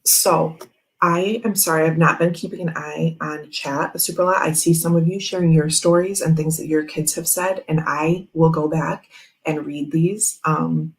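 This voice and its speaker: A young woman with a lowish voice and a gravelly, fry-laden edge talks casually to her livestream viewers. She rambles through a personal story, circling back with plenty of fillers. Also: steady tone, moderate pace, low-quality recording. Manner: rambling and chatty, with many fillers. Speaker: tarot channel host.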